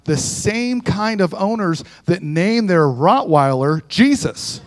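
A man voicing a sly talking parrot in a joke, with a slow, flat, deadpan delivery. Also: high voice. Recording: long echo of a large hall.

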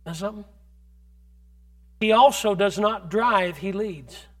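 A man preaching a sermon to a congregation, moving from conversational asides to fervent, shouted exhortation and calling on the listeners directly. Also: sits high, takes it slowly.

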